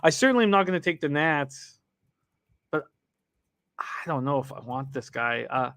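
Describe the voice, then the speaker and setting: A man's voice: on the high side, expressive, moderate pace, fairly bright tone, dry recording. A man hosting a live sports betting show, talking casually with restarts and reading viewer comments aloud.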